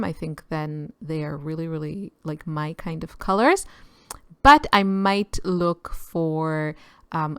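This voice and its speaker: A woman's voice: sits low, clear, resonant tone, no echo, studio quality. A woman host giving a casual voice-over narration, chatty and musing as she thinks aloud with small asides. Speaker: artist and channel host. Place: quiet room, recorded apart from the filmed footage.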